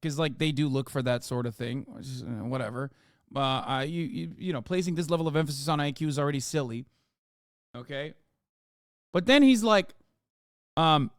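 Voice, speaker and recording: A man in his thirties streaming live, reacting to posts with profane, mocking commentary that swings from loud outrage to mumbled asides. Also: fairly high pitch, normal speed, pauses often, dry recording, studio quality.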